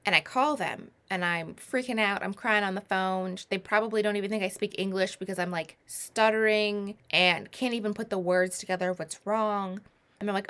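A woman in her twenties telling a personal story in a casual, animated, self-mocking way, with many rambling asides. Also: mid-range voice, normal speed. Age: 20s.

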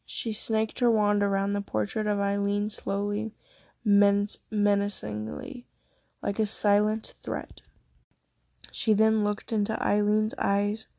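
A woman reads a fantasy story aloud at a steady, unhurried pace. Her voice is level in pitch with a gravelly edge. The recording is close and dry. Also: dry recording. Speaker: narrator. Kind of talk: reading fan fiction aloud.

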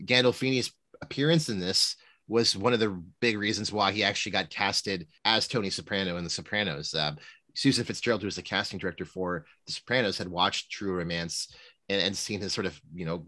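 Male podcast co-host, lowish voice, rapid rambling chat, dry close mic. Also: pushed and bright, no echo. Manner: rambling, lots of fillers and retold movie lines. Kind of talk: casual film discussion.

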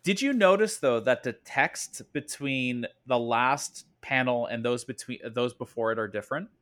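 A man's voice: medium pitch, normal speed, a bit bright. A man co-hosting a casual podcast chat, enthusiastic and often correcting himself mid-sentence. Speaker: podcast co-host.

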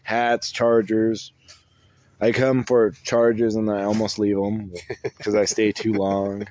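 A man's voice: fairly low pitch, completely flat delivery, a little mellow. Rambling young man in casual chat. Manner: rambling, halting storyteller with many restarts. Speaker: podcast co-host.

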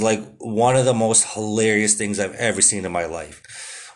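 Young guy from canada ranting solo on his podcast, swears a ton, says dude and like constantly. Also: medium pitch. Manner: profane, excitable, drawn-out "dude" and "like" fillers. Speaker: podcast host. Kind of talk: casual solo podcast monologue.

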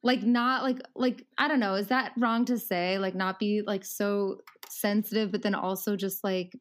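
A woman's voice: medium pitch, fairly even intonation, moderate pace. A woman in her thirties talking casually as a podcast guest, rambling with many fillers and frequent laughs.

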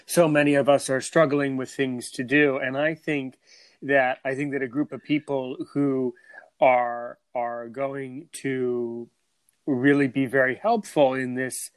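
A man hosts his podcast in loose, friendly chat, bursting with enthusiasm and tripping over his own words as he restarts sentence after sentence. His voice sits at an ordinary middle pitch. It is recorded dry and close, with no room sound. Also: flat delivery, a little slow, dry recording. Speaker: podcast host.

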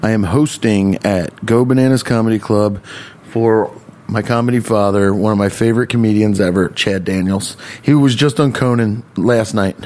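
A man's voice: fairly low pitch, normal speed, a little mellow. A male comedian rambling casually in a joking, profane way while vlogging.

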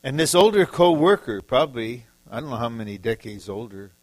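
A man's voice: medium pitch, big pitch swings, brisk, darkish tone, no room sound, poor audio. A man from the Detroit area preaching a sermon, emphatic and repetitive, acting out short quoted lines. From Detroit area, USA.

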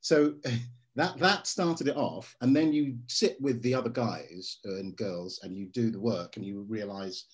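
A man, an actor being interviewed, telling stories in a lively way and slipping into voices for quotes. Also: fairly low pitch, moderate pace. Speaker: actor guest. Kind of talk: casual interview.

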